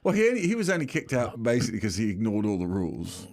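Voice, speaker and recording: A man's voice: on the low side, huge pitch swings, fast talker, a little mellow, dry recording. A man chatting casually on a podcast, telling anecdotes and laughing between lines. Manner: storytelling with acted quotes, laughing. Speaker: podcast guest. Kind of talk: casual chat.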